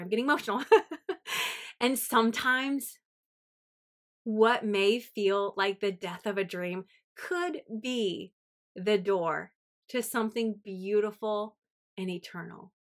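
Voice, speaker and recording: A woman's voice: medium pitch, slow pace, long pauses. A woman in her thirties hosting a faith podcast, talking in an earnest, chatty way with lots of "like.". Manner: earnest, chatty, uses 'like' a lot. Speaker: podcast host. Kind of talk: heartfelt faith podcast talk.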